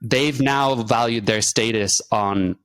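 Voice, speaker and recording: A man from Ireland with an Irish accent, hosting a podcast and putting questions to his guest in a measured way, thinking aloud with fillers. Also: mid-range voice, a bit bright, clean tone, dry recording. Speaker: podcast host. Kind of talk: casual interview conversation.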